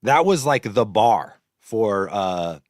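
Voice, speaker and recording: A man's voice: on the low side, animated, takes it slowly, no echo, clean studio sound. A man in his thirties from San Jose, California, giving blunt, profanity-heavy casual commentary on battle rap. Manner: blunt, profane, trash-talking.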